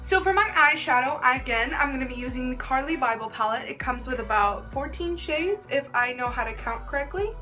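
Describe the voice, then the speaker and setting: A young beauty vlogger with a high-pitched, sharp voice and lively intonation talks at normal speed with few pauses, soft music behind her. Chatting casually through a makeup tutorial, she gushes and uses "like" constantly.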